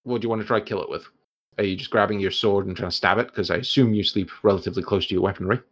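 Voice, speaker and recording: A man narrating a tabletop game as game master, lively and laughing often, with many fillers. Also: fairly low pitch, very fast.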